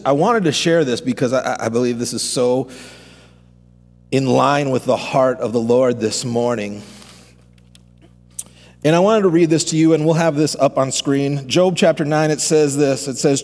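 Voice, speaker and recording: A man's voice: medium pitch, darkish tone. A man preaching a sermon to a congregation, fervent and building in intensity, asking them to respond. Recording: long hall reverb.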